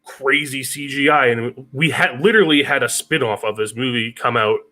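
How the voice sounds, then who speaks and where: A man's voice: medium pitch, normal speed, sharp tone. A man co-hosting a podcast, talking about films in a casual, thoughtful way. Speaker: podcast co-host. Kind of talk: casual film discussion.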